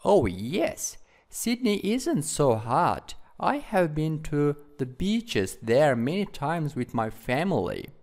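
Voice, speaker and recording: A man's voice: a little high, big pitch swings, takes it slowly, a little mellow, heavily acted. A male teacher reading a schoolboy's part in a textbook dialogue, in plain read-aloud style.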